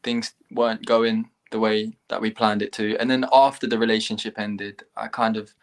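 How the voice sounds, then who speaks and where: A young man, a singer guest talking about his songs in a relaxed, easygoing way with some hesitation. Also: on the low side, normal speed. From England. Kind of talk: casual interview chat.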